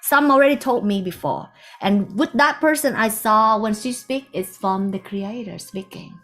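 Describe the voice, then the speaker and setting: Soft-spoken woman telling a spiritual story. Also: fairly high pitch, moderate pace. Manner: soft-spoken, meandering, with hushed asides. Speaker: spiritual teacher.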